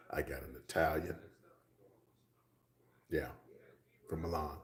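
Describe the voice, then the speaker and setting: Deep guy rambling on a livestream, whispers his asides, echoey room. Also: steady tone, slow pace. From Texas. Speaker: livestream host. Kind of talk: casual livestream chat with viewers.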